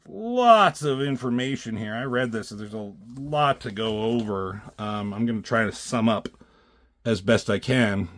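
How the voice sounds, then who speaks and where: A man's voice: lowish voice, expressive, measured pace, fairly bright tone. A man reviewing comic books in a loose, rambling way, swearing freely and often correcting himself. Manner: loose and profane, with many fillers and self-corrections.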